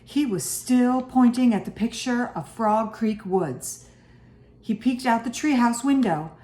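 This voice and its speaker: Woman teacher for a read-aloud, slow and animated, in an echoey room. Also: on the high side. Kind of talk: reading a chapter book aloud to students.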